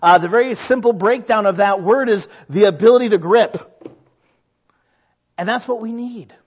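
A man's voice: high voice, normal speed, dull audio. A man preaching a sermon in a conversational way, acting out the thoughts of his listeners. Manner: conversational, acts out quoted inner voices. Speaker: pastor.

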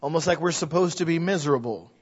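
Brief: male pastor, high voice, animated, laughs often, sermon on a dull lo-fi recording. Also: quick pace, slightly rough.

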